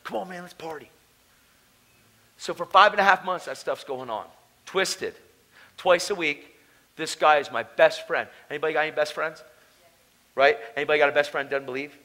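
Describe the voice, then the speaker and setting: A man's voice: fairly high pitch, fairly quick, pushed and bright. A man preaching a testimony at a conference, telling his story in a casual, slangy way. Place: conference hall.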